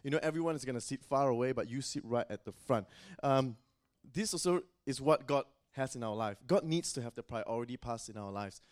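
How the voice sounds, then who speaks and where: A man's voice: medium pitch, a little fast. A man preaching a sermon in a loose, conversational way, often saying "you know.".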